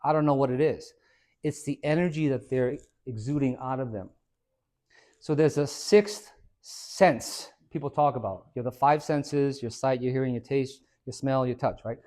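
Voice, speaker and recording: A middle-aged fitness coach with a medium-pitched voice talks at normal speed to a small group indoors at a hair salon. His motivational talk is animated and jokey, full of stories where he acts out both sides of conversations.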